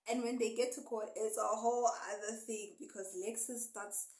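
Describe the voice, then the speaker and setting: A woman's voice: a little high, normal speed, roomy sound, rough recording. Chatty woman retelling a book plot. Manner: animated, chatty storytelling with sudden loud bursts. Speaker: book reviewer.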